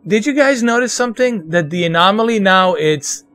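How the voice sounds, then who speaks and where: A man with a New York accent chats casually with his viewers while he plays a game live. His voice sits a little high for a man. Faint game music plays under his talk. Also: animated, moderate pace, a bit bright, dry recording. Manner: casual, chatty, addresses viewers. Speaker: streamer. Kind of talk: live gameplay commentary.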